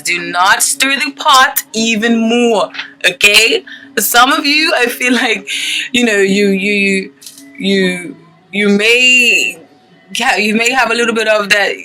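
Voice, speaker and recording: A woman's voice: mid-range voice, pushed and bright, low-quality recording. A woman giving a casual tarot reading to her viewers, chatty and gushing, checking in with "okay?" often. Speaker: tarot reader.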